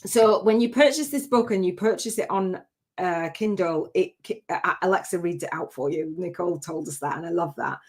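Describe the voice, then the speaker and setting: A spiritual business coach runs a long live-stream masterclass, speaking at normal speed in a voice on the low side. Her style is energetic, chatty, rambling and emphatic.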